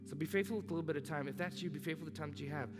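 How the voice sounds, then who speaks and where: A male pastor preaching a sermon, repeating key lines and rising to loud, emphatic urging. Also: a little high, rapid-fire. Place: church hall. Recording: long church reverb with music behind.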